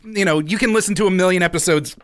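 A man co-hosting a podcast in casual chat, animated, profane and jokey. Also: high voice, quick pace. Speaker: podcast co-host.

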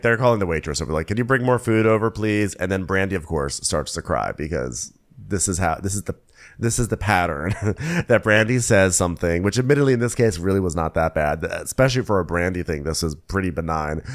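A man co-hosting a casual recap chat, telling the story with dry asides and squeaky voices for quotes. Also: expressive, a little fast. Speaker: podcast co-host.

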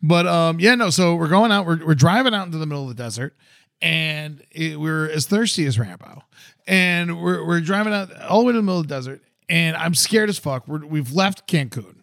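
Animated, rambling man telling a story. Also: fairly high pitch, brisk, creaky, no echo, clean studio sound. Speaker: podcast co-host. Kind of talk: casual storytelling chat.

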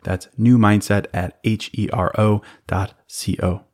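A man with a fairly low voice reads a sponsor spot. He keeps it friendly and conversational, as if chatting with his listeners. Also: fairly even intonation, measured pace, darkish tone. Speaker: podcast host reading sponsor ads. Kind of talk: host-read advertisement.

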